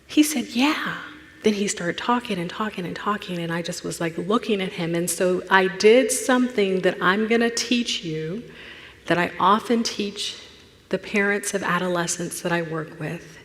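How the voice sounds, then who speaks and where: A woman, a therapist speaking at a church, telling a personal story and acting out the voices in it, dropping to a hush at tender moments. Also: fairly low pitch, normal speed. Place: church sanctuary. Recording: long hall reverb.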